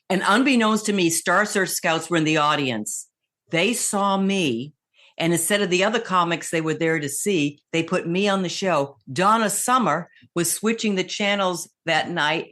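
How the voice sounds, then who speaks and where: A woman's voice: low voice, measured pace. An older woman, a comedian and impressionist, telling stories animatedly as an interview guest. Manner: lively, animated storyteller who slips into voices. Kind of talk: casual storytelling in an interview.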